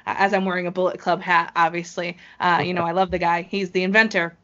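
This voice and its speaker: A woman chatting casually as a podcast co-host, an excited fan talking quickly with frequent restarts. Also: fairly low pitch. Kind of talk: casual chat. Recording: slightly dull lo-fi audio.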